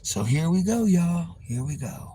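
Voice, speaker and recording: A woman hosting a live stream, telling a story in a loose, profane, animated way and acting out other people's voices. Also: fairly low pitch, unhurried, slight background noise. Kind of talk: casual storytelling to a live chat.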